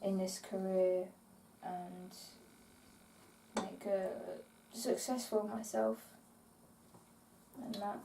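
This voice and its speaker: Mellow-voiced woman, distant in an echoey room. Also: medium pitch, flat delivery, very slow, creaky, pauses often, a little hiss or hum. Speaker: podcast co-host. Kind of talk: casual chat.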